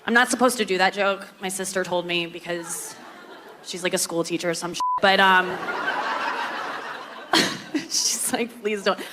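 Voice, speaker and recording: A woman's voice: lowish voice, steady tone, a little slow, long pauses, very noisy. A woman performing a stand-up comedy set on stage, chatty and confessional, with lots of fillers.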